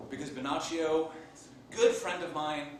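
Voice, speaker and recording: A man doing a comic in-character monologue as an improv performer, an animated storyteller playing a Renaissance papal scribe. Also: on the high side, normal speed, a little hiss or hum. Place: live theater stage. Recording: echoey stage from far off.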